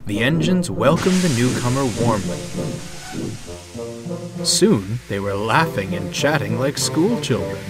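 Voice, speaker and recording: A man narrating a children's railway story with a measured, expressive reading. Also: mid-range voice. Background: background music.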